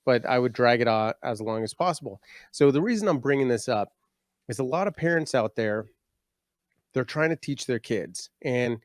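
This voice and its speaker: A man's voice: medium pitch, no echo. A middle-aged man co-hosting a casual parenting podcast, telling stories about his own teenage years and laughing at himself. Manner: storytelling, laughs at himself, acts out his dad in quotes. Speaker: podcast co-host.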